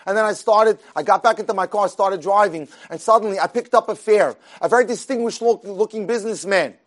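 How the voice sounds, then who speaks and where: Retelling an inspiring story, this man talks a little fast in a high voice, keeping the tone conversational. He performs the characters' lines with animation, and his sentences often restart, with words repeated.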